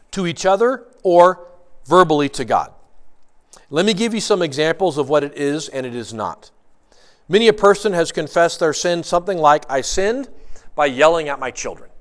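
A man preaching a sermon, earnest and emphatic, asking rhetorical questions and moving between quick bursts and slow, stressed phrases. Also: on the high side. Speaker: pastor.

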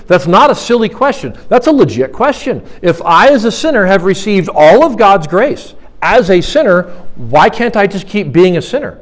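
A man preaching a sermon in an earnest tone. His voice sits a little higher than most men's. He keeps posing questions to the congregation and then answering them himself. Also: big pitch swings, measured pace. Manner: earnest, asks many rhetorical questions. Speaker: pastor.

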